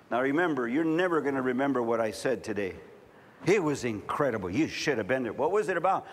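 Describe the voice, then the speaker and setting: A middle-aged man preaching a sermon, telling stories and building to fervent shouting. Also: medium pitch, animated, brisk, slight background noise. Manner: storytelling, rising to fervent shouting.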